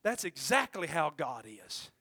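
A man preaching a sermon, swinging from shouted exhortation to quiet folksy asides and calling out to the congregation. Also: on the high side, very animated, measured pace, dry recording. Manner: frequent call-outs to the congregation.

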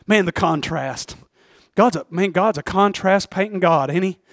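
A male preacher delivers a sermon in an emphatic, repetitive style and addresses the congregation directly. His voice sits high, and the sound is close and dry. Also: normal speed, no room sound.

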